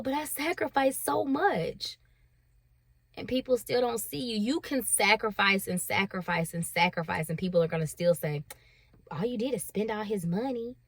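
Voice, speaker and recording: A woman's voice: mid-range voice, a bit bright, dry recording. A woman in her thirties speaks openly and emotionally about her own struggles as a stay-at-home mom. She laughs at herself now and then and acts out the voices in her head. Her mid-range voice sits close and dry, with no room sound. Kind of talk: candid confessional talk to camera.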